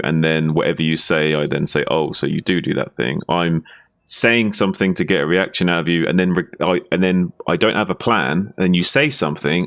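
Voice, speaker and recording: Low-voiced man arguing his point. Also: a bit bright. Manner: argumentative, explains at length with restarts. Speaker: streamer. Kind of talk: casual chat while gaming.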